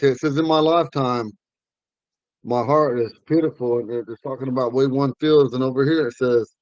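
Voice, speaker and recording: A man teaching a language class, explaining word meanings slowly and repeating key phrases. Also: medium pitch, a little mellow, no echo, lo-fi sound.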